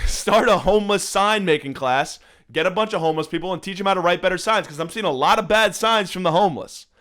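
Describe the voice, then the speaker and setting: A man's voice: high voice, quick pace, a bit bright. Ranting young man on a phone mic. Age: young adult. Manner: ranting, sarcastic, profane. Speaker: podcast host. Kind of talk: solo comedic rant. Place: room at home.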